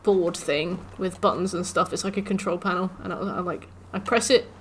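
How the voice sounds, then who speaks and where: Bright-voiced woman ranting. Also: lowish voice, normal speed, slight background noise. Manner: animated ranting, swears, mimics the game's taunts. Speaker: streamer. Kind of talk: casual livestream chat while gaming.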